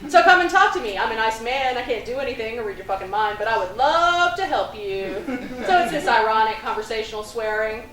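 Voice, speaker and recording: An ornery male record store manager who swears freely, played by a woman in a solo stage show. He talks bluntly and casually, with a slightly high voice. The stage sound is roomy and distant, with a faint hiss behind it. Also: animated, fairly quick, a bit bright. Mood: wry. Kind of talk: live solo theatre monologue.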